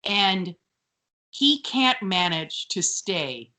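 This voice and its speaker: A woman co-hosting a casual TV recap podcast, animated and sweary, often mimicking characters. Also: mid-range voice, very slow. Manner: animated, sweary, mocking voices. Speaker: podcast co-host.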